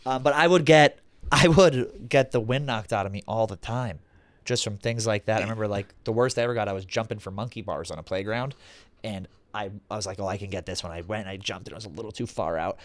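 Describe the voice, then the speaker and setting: Animated male podcast host. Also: fairly low pitch, a little fast. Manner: animated storyteller, laughs often. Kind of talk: casual chat.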